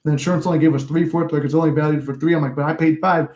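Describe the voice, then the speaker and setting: Talking rapid-fire in a slightly high, darkish voice with fairly even intonation, a man in his twenties hosts a casual livestream. He reads out what viewers comment and rambles through profane tales.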